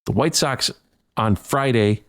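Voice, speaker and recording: A man's voice: mid-range voice, slow pace, a bit bright. A man hosting a solo sports podcast, ranting heatedly and stumbling over repeated words. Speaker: podcast host.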